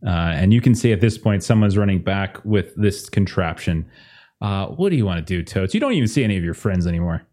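A male game master narrating a tabletop game with lively, swooping intonation. He rambles through explanations and laughs often. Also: low voice, fairly quick.

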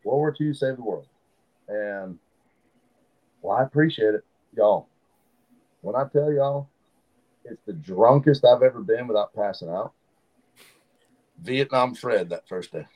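A man telling animated stories as a podcast guest in a studio. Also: on the low side, a little slow, pauses often, lo-fi sound. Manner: animated storyteller, acts out quotes. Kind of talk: casual storytelling.

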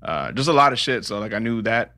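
Fast-talking gravelly young man. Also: fairly low pitch, expressive, bright, forceful tone, no room sound. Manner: quick, slangy and profane, enthusiastic about details. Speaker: podcast co-host. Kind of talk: casual chat among friends.

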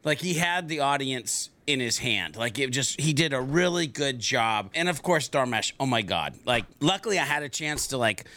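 Bright-voiced, eager podcast guy. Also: mid-range voice, animated, moderate pace, hardly any pauses. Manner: enthusiastic, laughs through his words. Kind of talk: casual chat.

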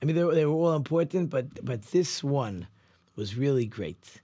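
A man's voice: medium pitch, animated, normal speed, mellow, slightly rough, no room sound. Rambling middle-aged man hosting a talk show. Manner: conversational, loose storytelling with many ums and restarts. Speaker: rabbi and show host. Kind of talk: casual radio talk.

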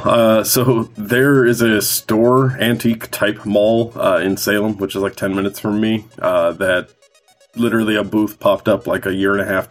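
Man, very low voice, podcast guest, relaxed rambling chat, faint music behind.

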